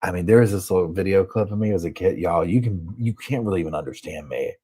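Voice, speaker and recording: Sitting on a sofa at home, a Southern American man hosts a casual live chat and responds to viewer comments. His voice is deep, husky and dark-toned, and he talks fast with a Southern accent.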